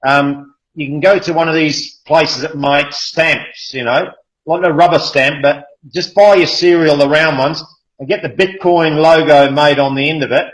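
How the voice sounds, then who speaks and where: A man's voice: on the high side, fairly even intonation, moderate pace, poor audio. A man with an Australian accent hosting a casual online group call, chatty and enthusiastic, with many fillers. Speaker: hangout host. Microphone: video call.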